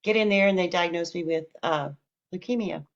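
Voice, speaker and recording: A woman's voice: on the low side, brisk. A woman telling a personal story in a casual, candid way, acting out what people said to her. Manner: candid, animated retelling with quoted dialogue. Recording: dull lo-fi audio.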